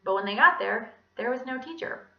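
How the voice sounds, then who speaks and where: A young woman performing a children's story aloud for a storytelling class, animated and voicing many characters. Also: on the high side, a little fast, vocal fry. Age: young adult. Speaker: student storyteller. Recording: distant mic, roomy, dull sound.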